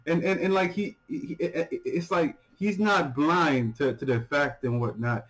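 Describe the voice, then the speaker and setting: Reaction host, male, slightly higher pitch, hyped and loose, stumbles and restarts. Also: a little slow, hardly any pauses, low-quality recording. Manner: excited, rambling, repeats words, swears freely, laughs often. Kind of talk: casual reaction commentary.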